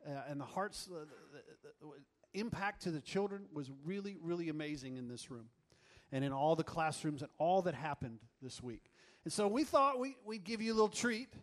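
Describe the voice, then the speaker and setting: A man's voice: fairly high pitch, lively intonation, moderate pace. A man leading a church congregation, teaching them a song with upbeat, coaxing and teasing remarks. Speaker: worship leader. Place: church room with an audience.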